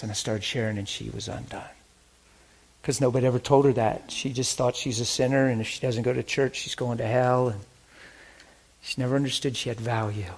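A man preaching a sermon, telling stories in an animated way that swings from hushed to loud. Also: mid-range voice, fairly quick. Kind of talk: sermon storytelling.

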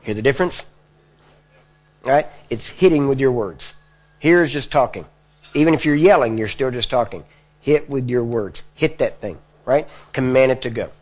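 A man's voice: mid-range voice, a little mellow. Preacher talking plainly to his audience. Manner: conversational, checks in with the crowd often. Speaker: preacher teaching healing prayer. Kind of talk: sermon. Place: church or meeting hall before a live audience.

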